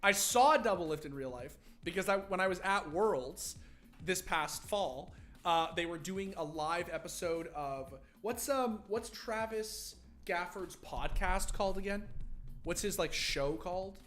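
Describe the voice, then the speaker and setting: A man's voice: sits high, unhurried, a bit bright, faint music behind. A man hosting a livestream watch party, talking casually to his chat in a rambling, freely swearing way.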